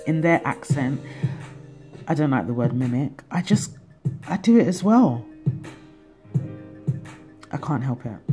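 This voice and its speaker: A woman's voice: sits low, dark tone. A woman giving a casual tarot reading to her viewers, chatty and profane, laughing often. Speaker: tarot reader.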